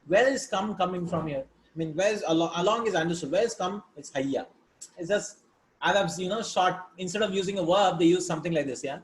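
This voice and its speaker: A man's voice: high-pitched, brisk, roomy sound, a little hiss or hum, rough recording. A man teaching a grammar lesson, explaining patiently and often checking in with his students by asking "right?". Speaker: Arabic teacher.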